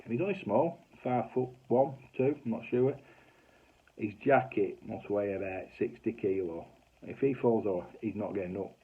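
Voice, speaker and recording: A man's voice: fairly low pitch, husky. A middle-aged man with a Northern English accent, telling funny stories in a casual, broad way with mild swearing. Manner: chatty, broad, swears mildly, acts out voices. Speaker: comedy sitcom writer telling stories. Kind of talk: casual anecdotal storytelling. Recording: tinny phone-like audio.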